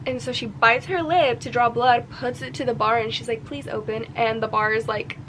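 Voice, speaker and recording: A chatty young woman in her twenties recaps a novel for her reading vlog, her voice sitting a little high. She gets excitable and jumps into the characters' lines as she tells the story. Faint noise sits under her voice at home. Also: normal speed, low-quality recording. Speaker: book vlogger.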